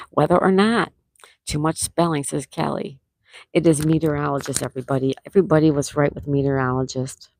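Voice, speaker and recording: Gravelly-voiced woman hosting trivia. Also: deep voice, fairly even intonation, darkish tone, no echo. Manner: reads viewer answers aloud, repeats questions slowly. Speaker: trivia host. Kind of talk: live-stream trivia hosting.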